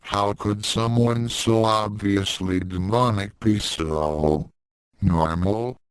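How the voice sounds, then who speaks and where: A man narrating a fan fiction story in a calm, measured reading. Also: lowish voice, clear, resonant tone, no echo, low-quality recording.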